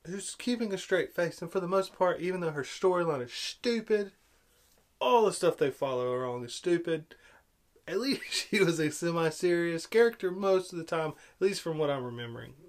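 A man ranting in film commentary, sarcastic and exasperated, repeating his complaints. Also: fairly high pitch. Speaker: movie reviewer.

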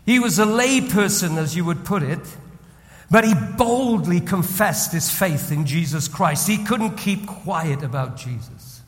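A man preaching as a senior pastor, moving between hushed, tender storytelling and loud, rising exhortation. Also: sits high, expressive, unhurried, big-room sound. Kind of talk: sermon.

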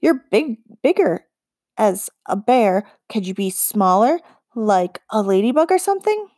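A woman's voice: mid-range voice, sing-song, dark tone, dry recording, clean studio sound. Woman doing a blurting young boy. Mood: curious. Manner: quick, exclaiming, a little indignant.

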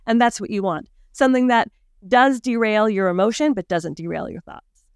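A woman's voice: mid-range voice, animated, normal speed, clear, resonant tone, dry recording, studio quality. Confident woman giving emphatic advice. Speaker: podcast guest. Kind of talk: casual podcast conversation.

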